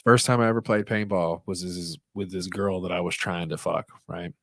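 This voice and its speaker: A man co-hosting a podcast, telling a crude story in a loose, animated way and swearing a lot. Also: deep voice, moderate pace, gravelly, no echo. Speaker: podcast co-host. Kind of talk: casual storytelling chat.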